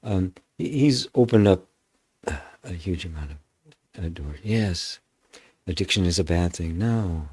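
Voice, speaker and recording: Man, spiritual teacher hosting a live Q&A, husky low voice, reflective and searching. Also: a little slow, darkish tone, no room sound. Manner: musing, stops and restarts, often adds "right?". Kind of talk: reflective spiritual teaching, answering chat comments.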